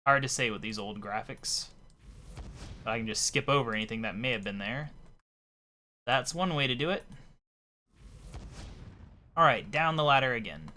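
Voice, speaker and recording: Bright-voiced man narrating gameplay. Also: mid-range voice, normal speed, pauses often. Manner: relaxed, thinking aloud while playing. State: hoarse. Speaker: let's play commentator. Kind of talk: casual gameplay commentary.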